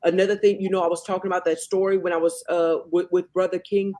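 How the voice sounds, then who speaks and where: A man with a fairly high voice co-hosting a faith talk show. He works through Bible lessons point by point, stumbling and restarting as he goes. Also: level tone, fast talker, dark tone. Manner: counts off points, many restarts and fillers. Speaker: co-host.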